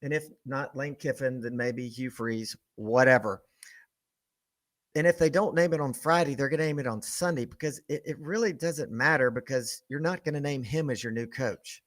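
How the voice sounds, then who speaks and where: A man's voice: medium pitch, moderate pace. A man hosting a sports podcast, delivering a mocking, scripted trash-talk rant about a rival college football team. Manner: mocking, trash-talking, building to shouted tirades.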